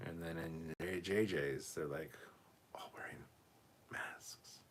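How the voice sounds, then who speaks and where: A man co-hosting a relaxed livestream chat from a room at home, reading viewer comments aloud and swearing freely. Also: sits low, unhurried, a little hiss or hum. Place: home room cluttered with costumes.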